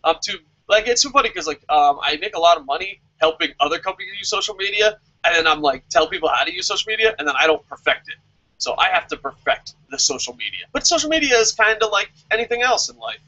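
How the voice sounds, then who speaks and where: Bright-voiced, sarcastic man ranting. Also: high-pitched, fast talker, muffled recording. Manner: animated, sarcastic and profane. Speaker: wrestling vlog host answering viewer questions. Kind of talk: casual opinionated commentary.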